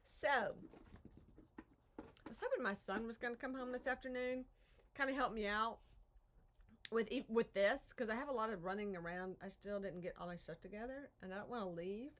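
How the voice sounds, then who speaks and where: A woman's voice: on the high side, moderate pace, long pauses, a bit bright. A woman hosting a casual craft live stream from her home art studio, chatting in a rambling way, interrupting herself and sighing over her troubles. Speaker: craft channel host.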